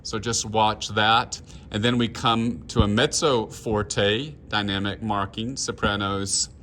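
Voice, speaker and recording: Male choir director, unhurried and instructive, walking singers through markings. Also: on the low side, steady tone, a bit bright, a little hiss or hum. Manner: patient, instructional, sings phrases to demonstrate. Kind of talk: score talk-through for choir.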